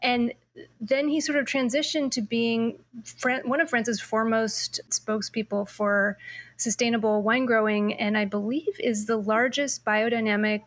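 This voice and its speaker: A woman's voice: a little high, fairly even intonation, normal speed. A woman hosting a podcast panel, chatting casually and telling stories with enthusiasm. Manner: enthusiastic, storytelling. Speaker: podcast host.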